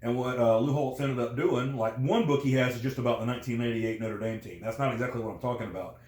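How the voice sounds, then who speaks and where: A man's voice: medium pitch, steady tone, quick pace, a little mellow. A man chatting casually as a guest, rambling with many fillers and restarts. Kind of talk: casual conversation. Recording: roomy echo.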